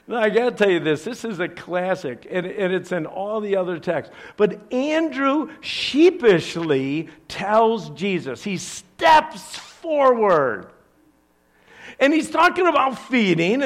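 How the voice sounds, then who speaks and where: An older man, a grandfather, preaching a sermon with animated, playful storytelling and asides. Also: high voice. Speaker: pastor.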